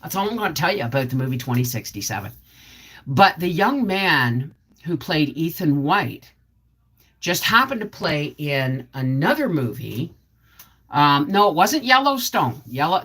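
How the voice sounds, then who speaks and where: A woman's voice: low-pitched, a bit bright. A woman hosting a casual livestream, chatting and rambling through asides as she greets viewers. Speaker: homestead channel host.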